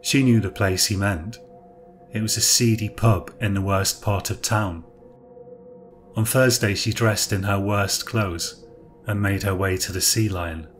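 Faint, soft music sits under a low-voiced man narrating a dark story from a script. His delivery stays steady, calm, and evenly measured throughout.

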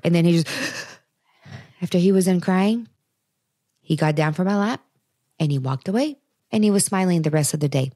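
Pausing often, a woman with a low, dark-toned voice speaks at normal speed, hosting a parenting talk show in her thirties. She addresses listeners earnestly and conversationally in a dry, studio-quality recording.

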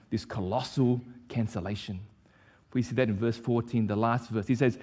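A pastor delivering an impassioned sermon, repeating declarations with rising force. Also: male voice, medium pitch, darkish tone. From Vietnam.

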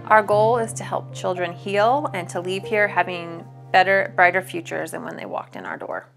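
Woman, fry in the voice, measured explainer over soft music. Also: lowish voice, expressive. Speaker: charity program staff. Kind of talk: interview testimony.

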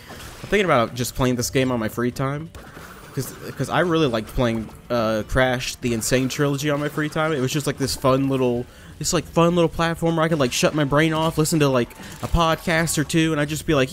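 A young man chatting through a let's play in a loose, rambling way, often poking fun at himself. His pitch and pace sit in a normal middle range. Every so often he bursts out loudly, and a faint hiss runs underneath. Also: fairly quick. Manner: rambling and self-mocking, with sudden loud outbursts. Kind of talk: casual gameplay commentary.

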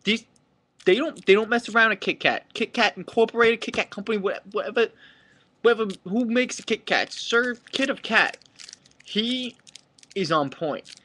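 A man's voice: sits high, normal speed, sharp tone. A young man vlogging a mock-angry comic rant to camera, exaggerated and sweary.

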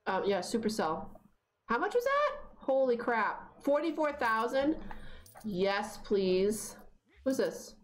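Chatty woman streamer with a lively voice. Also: a little high, takes it slowly. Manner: chatty, talks to her characters, sudden excited squeals. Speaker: gaming streamer. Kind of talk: casual gameplay commentary.

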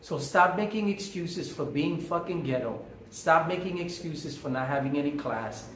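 A man tells a personal story in a preachy, emphatic way, hammering key phrases again and again. His voice sits a little high for a man. The room is echoey, with a faint hum behind him. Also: fairly bright tone. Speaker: vlogger.

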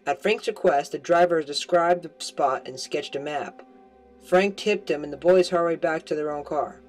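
A man reads a novel aloud in a home-made audiobook, his voice sitting a little high. He often stumbles and restarts words. Faint music plays quietly under his reading. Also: normal speed, rough recording. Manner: stumbling, self-correcting reading. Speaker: amateur audiobook reader.

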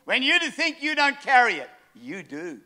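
An older man preaching a sermon, telling stories with animated acted-out quotes. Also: extremely high pitch, normal speed. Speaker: pastor.

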